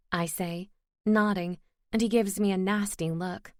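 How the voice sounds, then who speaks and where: Woman reading a fantasy romance audiobook, expressive, close dry sound. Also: mid-range voice, normal speed, dry recording. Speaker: audiobook narrator. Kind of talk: first-person audiobook narration.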